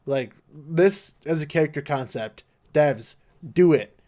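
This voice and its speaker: Young male streamer, flat low-energy monotone, rambly casual chat, slightly higher voice. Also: slow. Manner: rambling with many fillers and restarts. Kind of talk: casual live-stream chat while gaming.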